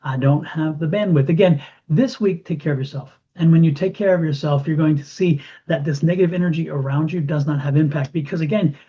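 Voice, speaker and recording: A man giving an intuitive tarot reading to camera, animated and repeating phrases for emphasis. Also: on the high side, brisk, hardly any pauses, husky. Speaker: tarot reader. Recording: dull lo-fi sound.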